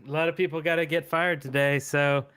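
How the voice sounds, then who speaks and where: A man's voice: on the high side, little pitch movement, a little fast, fairly bright tone, clear, resonant tone, no echo, clean studio sound. A man co-hosting a casual live show, laid-back and laughing often. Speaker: co-host.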